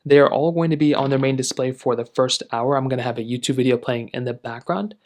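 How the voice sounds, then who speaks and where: A male tech reviewer talks viewers through his test in an easygoing, meandering way. His voice sits at an ordinary middle pitch, and he leans on filler phrases as he goes. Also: fast. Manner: relaxed, rambling with filler phrases. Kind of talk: casual tech review narration.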